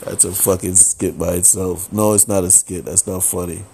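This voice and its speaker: A man hosting a solo podcast, talking casually, animated and profane, with lots of filler phrases. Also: low-pitched, moderate pace, gravelly, a little hiss or hum. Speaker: podcast host.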